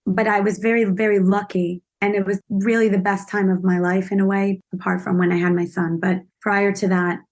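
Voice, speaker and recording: A woman with a mid-range voice tells stories from her acting career as a podcast guest. She is lively and self-deprecating, and she laughs at her own missteps as she goes. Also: medium pitch. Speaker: actress guest. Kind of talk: podcast interview storytelling.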